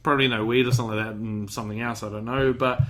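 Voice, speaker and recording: A man's voice: medium pitch, fairly even intonation, rapid-fire, a bit bright. A man hosting a podcast in casual chat, rambling with lots of restarts, buzzing on caffeine. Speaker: podcast host.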